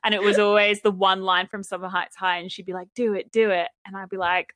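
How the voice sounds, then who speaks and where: A woman's voice: medium pitch, flat delivery, a little fast, fairly bright tone, dry recording. A young Australian woman co-hosting a podcast in casual chat, with dry, wry asides. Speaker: podcast co-host.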